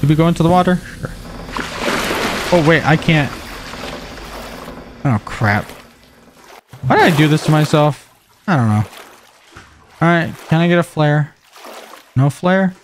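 Young man, game streamer, jokey running commentary, slightly high voice, faint background hiss. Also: animated, measured pace, long pauses. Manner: chatty, jokey, reacts loudly to the game. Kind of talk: let's play commentary.

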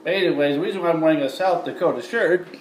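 A man's voice: fairly high pitch, fast talker, slight background noise. A man from the American Midwest with a Midwestern accent, rambling chattily to viewers in a casual vlog monologue. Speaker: vlogger. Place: indoor room with lights. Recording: roomy echo, from far off, faint ambience.

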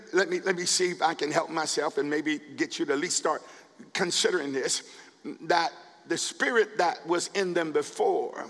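High gravelly preaching pastor in a hall. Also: male voice. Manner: preaching, rising to shouts with repeated words. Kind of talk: sermon. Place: church sanctuary.

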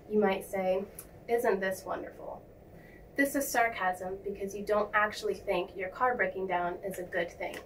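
A young woman giving a scripted English vocabulary lesson in a clear, measured, instructive way. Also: medium pitch. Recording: slightly distant mic, faint noise.

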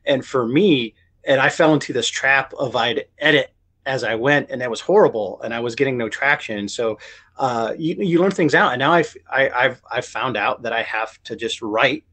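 In a relaxed interview, a man who writes talks in a meandering way full of restarts and self-corrections, performing others' lines in quoted voices. He speaks at normal speed at medium pitch, sounding somewhat bright and husky.

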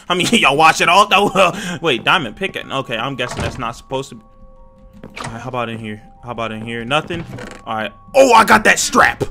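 A young man giving jumpy, excitable, slang-filled commentary while playing a horror game and talking to his viewers. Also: mid-range voice, normal speed, soft background music. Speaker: gaming YouTuber.

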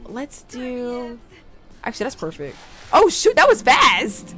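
Young woman, chatty game commentary, high voice with very lively pitch, talks straight to viewers. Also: slow, faint music behind. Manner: chatty, excitable, talks to the viewers and her characters. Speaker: gaming YouTuber. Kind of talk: casual let's play commentary.

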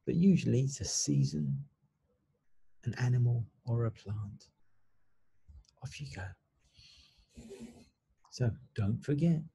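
A man teaches children in a recorded online lesson, taking each step slowly and patiently. His voice is dark and gravelly, with a rough, husky edge. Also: mid-range voice. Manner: slow, patient, explaining step by step.

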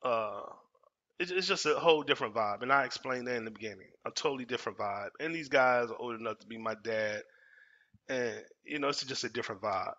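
A man's voice: mid-range voice, brisk, bright, forceful tone, dull audio. A man from Dallas telling a personal story in casual, emphatic talk, repeating phrases and using street slang. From Dallas, Texas. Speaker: storyteller host.

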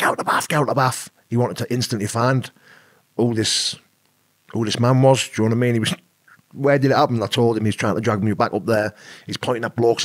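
Fast-talking husky British man. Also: lowish voice, no echo, clean studio sound. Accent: British English. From Britain. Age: adult with an eleven-year-old son. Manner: rambling, peppered with "you know what I mean". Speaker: podcast guest. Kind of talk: casual storytelling.

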